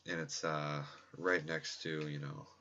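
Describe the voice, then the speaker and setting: A man giving quiet, rambling casual commentary at home during a game pack opening, often restarting his sentences. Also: extremely low pitch, little pitch movement, measured pace, lo-fi sound, slight background noise. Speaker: gaming video creator. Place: home room at night next to a laptop. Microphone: laptop mic close by.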